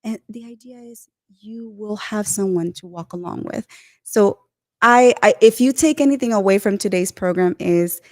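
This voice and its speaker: A woman's voice: mid-range voice, normal speed, no room sound, clean studio sound. A woman speaking earnestly and emotionally as a panelist in a casual group talk.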